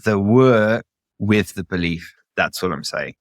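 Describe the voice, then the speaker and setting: Earnest male co-host, lowish voice, dry close sound. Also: expressive, a little slow, dry recording. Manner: earnest, insistent, repeats "no". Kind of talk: comedic banter.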